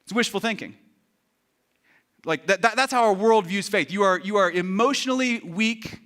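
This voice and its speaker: Bright-voiced, animated male pastor. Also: sits high, normal speed. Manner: animated, joking, acts out quotes. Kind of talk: sermon. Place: church.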